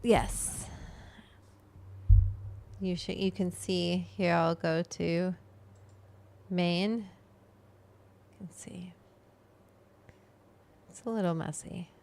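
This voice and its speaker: Gravelly-voiced woman chatting on a livestream. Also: lowish voice, steady tone, slow pace, long pauses, darkish tone. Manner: rambling, talks to the chat and her pet. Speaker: livestream host. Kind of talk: casual livestream chat with viewers.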